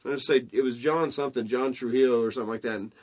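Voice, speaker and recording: A man's voice: medium pitch, racing, darkish tone. A young man telling rambling, profane stories in casual chat with friends. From southern United States.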